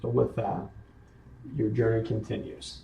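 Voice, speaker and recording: A man's voice: fairly low pitch, little pitch movement, measured pace, creaky, dark tone. A man running a tabletop game as game master, narrating casually with frequent restarts, recorded in an echoey room. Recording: echoey room, faint noise.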